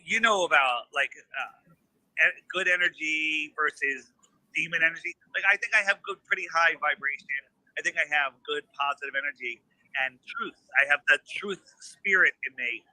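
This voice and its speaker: A man telling a story in casual chat, animated and acting out the lines of the people in it. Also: fairly high pitch, moderate pace, no echo, low-quality recording. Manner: animated, acts out quoted dialogue. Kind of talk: casual storytelling on a live stream.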